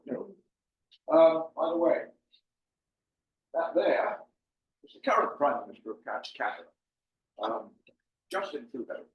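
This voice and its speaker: An older man giving an informal slide presentation to an audience, chatty and joking, with lots of ums. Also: mid-range voice. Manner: jokey, chatty, with many ums. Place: meeting room with an audience. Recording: far-off mic, roomy and muffled.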